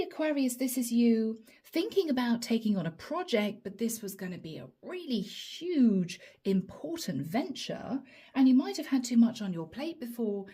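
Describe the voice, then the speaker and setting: A woman's voice: on the high side, mellow, slightly rough. A woman giving a chatty tarot reading straight to her viewers, laughing often and calling them guys. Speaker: tarot reader.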